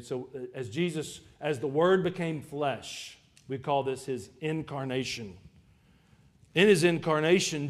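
A man preaches a sermon to a church congregation in a loose, conversational way. He breaks off into jokes, then returns to his point. He often stumbles over and repeats his words. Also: on the high side. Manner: conversational with joking asides. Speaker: pastor. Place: church service before a congregation.

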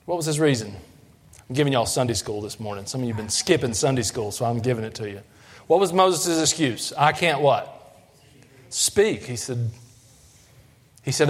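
A man preaching a sermon, folksy and questioning the congregation, building up in intensity. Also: brisk. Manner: folksy, asks the congregation questions, rises in pitch and force when preaching. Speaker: pastor.

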